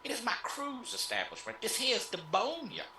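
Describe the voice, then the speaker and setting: A player voicing a flamboyant male pimp who runs a tavern, drawling smoothly and calling everyone baby. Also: mid-range voice, wildly swooping pitch, normal speed, sharp tone, reverberant, slight background noise, voice pushed up. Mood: boastful.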